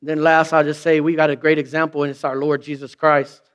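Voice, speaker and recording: A man's voice: a little high, little pitch movement, a little fast, clear, resonant tone. A man preaching a sermon in a conversational way, asking rhetorical questions and acting out quoted remarks in mock voices. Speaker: pastor.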